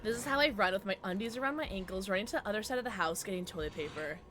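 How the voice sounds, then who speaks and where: Lively, bright-voiced young woman streamer. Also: mid-range voice, racing, a little hiss or hum. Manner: jumpy, screams at scares, chatty with viewers. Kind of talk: live gameplay commentary.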